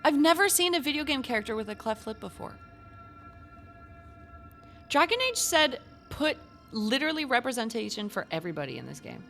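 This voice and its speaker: Woman streamer, bright tone, very animated pitch, excitable, laughs a lot, faint game music. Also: fairly quick, vocal fry. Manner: excitable, laughs often, gushing asides. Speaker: gaming streamer. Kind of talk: casual let's-play commentary.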